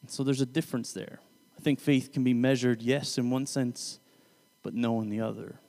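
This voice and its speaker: A man's voice: medium pitch, steady tone, moderate pace, darkish tone, big-room sound. A man giving a casual Bible teaching, talking in a loose, conversational way and often correcting himself mid-sentence. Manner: conversational, self-correcting, paraphrasing scripture loosely.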